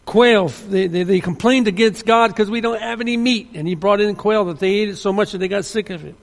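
High gravelly preacher man, echoing hall. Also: brisk. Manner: earnest, emphatic, with frequent restarts. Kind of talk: sermon. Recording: long hall reverb.

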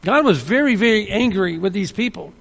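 A man's voice: high-pitched, animated, a little fast, a bit bright. A man preaching a sermon, earnest and emphatic, often restarting his sentences. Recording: long hall reverb.

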